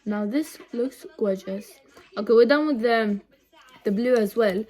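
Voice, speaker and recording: A young woman vlogging a casual makeup tutorial at home, rambling and chatty with lots of ums and side remarks, recorded on a phone camera set low. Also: unhurried, dark tone.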